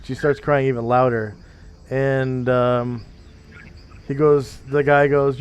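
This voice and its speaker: A man's voice: medium pitch, flat delivery, slow, pauses often, smooth, highs cut off. A man running a tabletop game, telling a long story in a loose, filler-heavy way and explaining rules. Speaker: game master. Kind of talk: casual tabletop game chat.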